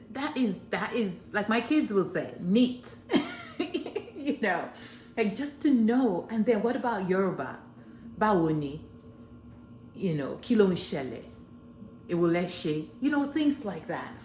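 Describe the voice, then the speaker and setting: Lively woman travel vlogger. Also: on the low side. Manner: animated, switching between languages with repeated "you know". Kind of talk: casual talk to camera. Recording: echoey room with faint noise.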